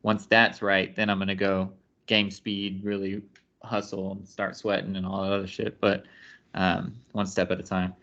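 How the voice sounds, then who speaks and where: A man hosts a casual sports podcast and leads the talk in an easygoing way. His voice is fairly low. The recording has a dull, lo-fi sound. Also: moderate pace, gravelly. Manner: relaxed, leads the conversation. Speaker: podcast host.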